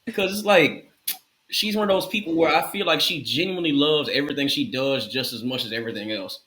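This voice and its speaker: Man, from the Bay Area, co-host, laid-back, joking, bright voice, echoey room. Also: fairly high pitch, quick pace. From Bay Area, California. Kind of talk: casual sports and celebrity chat. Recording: roomy echo.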